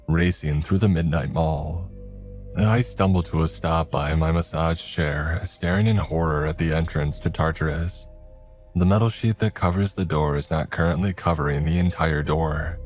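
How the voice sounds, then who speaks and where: A man telling a first-person horror story in a measured, scripted narration, voicing the characters himself. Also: extremely low pitch, a little mellow, soft background music.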